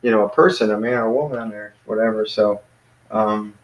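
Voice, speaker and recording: A man teaching a small Greek class in a casual way, explaining step by step and patiently, with many pauses and fillers. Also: on the low side, steady tone, muffled recording. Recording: echoey room.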